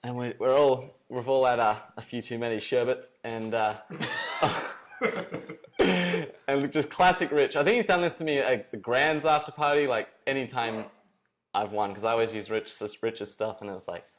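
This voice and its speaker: A man's voice: medium pitch, steady tone, normal speed. A man co-hosting a casual podcast, telling a rambling, laid-back anecdote. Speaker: podcast co-host, BMX racer.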